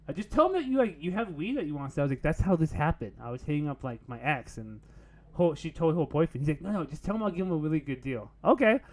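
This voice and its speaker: On a podcast, a young man with a slightly high voice tells a rambling story casually. He sprinkles in "like" and curse words and laughs at his own tale.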